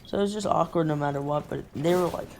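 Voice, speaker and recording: Low-voiced woman rambling through a story. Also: fast talker, creaky, noisy background. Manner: rambling, filler-heavy slang talk. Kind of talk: casual storytime vlog.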